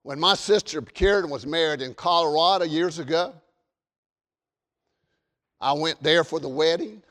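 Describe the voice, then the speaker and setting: A man with a Southern US accent preaching a fervent sermon, shifting between shouted warnings and folksy storytelling. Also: fairly high pitch, measured pace, big-room sound. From American South.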